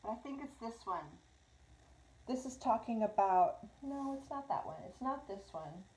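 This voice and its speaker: Brief: woman, live tarot host, chatty, slightly high, soft mellow tone. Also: lively intonation, normal speed, rough recording. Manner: chatty, switches between English and Spanish. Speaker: tarot reader. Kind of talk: casual live tarot reading. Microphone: small clip-on mic.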